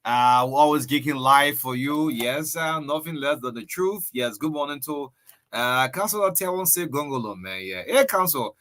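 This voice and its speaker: Bright-voiced Liberian radio host. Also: male voice, fairly high pitch, lively intonation, normal speed. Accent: Liberian English. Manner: chatty, storytelling, loose with fillers and laughs. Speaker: radio breakfast show host. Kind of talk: casual radio talk, reading listener shout-outs.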